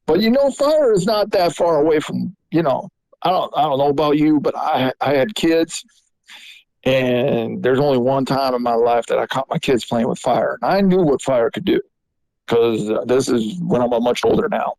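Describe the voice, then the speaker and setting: A man hosting a podcast tells a story in a loose, rambling way. His pitch sits in the middle range, and the sound is dry and close with no room echo. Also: lively intonation, moderate pace, gravelly, darkish tone. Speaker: podcast host. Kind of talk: casual storytelling.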